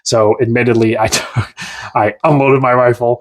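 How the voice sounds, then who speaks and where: A man from Newfoundland, a podcast guest, telling a long story in a casual, animated and rambling way with many restarts. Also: medium pitch, moderate pace, a little hiss or hum.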